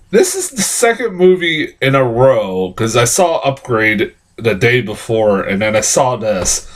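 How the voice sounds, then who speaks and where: A man giving a rambling, casual film review, swearing often and laughing at his own points. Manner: animated, jumps high in pitch when exclaiming.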